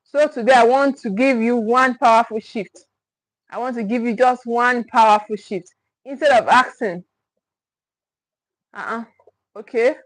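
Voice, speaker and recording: A woman's voice: on the high side, a little slow, long pauses, no room sound, low-quality recording. A woman, a parenting coach teaching on a livestream, stressing and repeating her key points and checking in with viewers. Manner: emphatic, repeats key phrases; speaks directly to the viewers, with check-ins.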